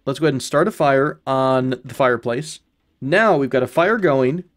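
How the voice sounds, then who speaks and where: A man casually commenting on his own gameplay, thinking out loud, correcting himself and chuckling now and then. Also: medium pitch, moderate pace. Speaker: gaming channel host. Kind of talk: casual let's-play commentary.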